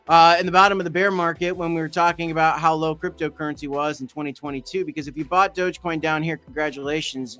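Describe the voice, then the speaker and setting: A man's voice: fairly high pitch, bright, forceful tone. A man hosting a casual livestream, reading chat comments aloud in a loose, jokey, rambling way. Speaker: host of a crypto livestream.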